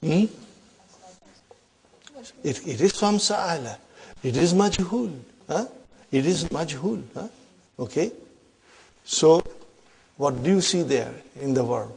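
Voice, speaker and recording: A man teaching Arabic grammar in a classroom lecture, emphatic, often checking in with the class and reciting verses quickly. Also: on the high side, expressive, creaky, darkish tone, husky. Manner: emphatic, keeps asking "huh?" to check the class.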